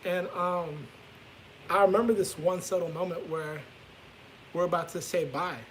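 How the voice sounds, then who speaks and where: A man's voice: high voice, fairly even intonation, measured pace, a little hiss or hum, rough recording. A young man vlogging a casual storytime from his bedroom, candid and rambling, swearing freely as he talks.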